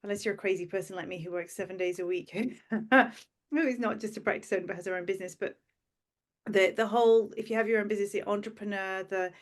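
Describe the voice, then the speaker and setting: A woman co-hosting a podcast, reacting with enthusiasm and talking in quick restarts. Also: mid-range voice, steady tone. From United Kingdom. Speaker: podcast co-host, dentist and coach. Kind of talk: interview chat.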